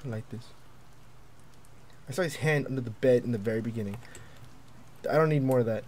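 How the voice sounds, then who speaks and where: A young man commentating a horror game as he plays, jumpy and excitable, yelping and taunting the monster. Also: medium pitch, a little fast. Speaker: gaming video creator.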